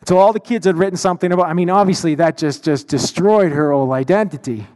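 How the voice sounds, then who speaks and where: A male pastor with a notably high, slightly mellow voice preaches a sermon at a quick pace. His storytelling is full of restarts and repeated words, and a long hall reverb surrounds the sound.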